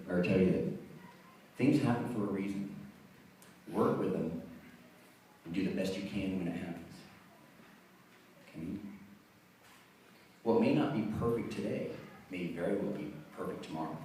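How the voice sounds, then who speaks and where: A man's voice: low voice, moderate pace, long pauses, dark tone, slight background noise. A middle-aged man giving a rambling, self-deprecating father-of-the-bride toast at a wedding. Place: wedding reception hall. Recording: echoey reception hall, distant mic.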